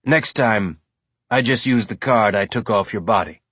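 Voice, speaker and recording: A man voicing a hardened male ex-cop who speaks slowly and bluntly. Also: lowish voice, fairly bright tone, husky, dry recording. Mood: gruff.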